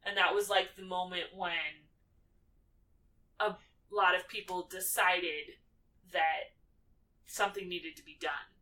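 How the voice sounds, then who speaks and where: Taking it slowly and pausing often, a lowish-voiced woman is recorded from a distance on a rough recording. As a podcast co-host, she casually recaps a movie, animatedly acting out characters' lines and leaning on the filler "like."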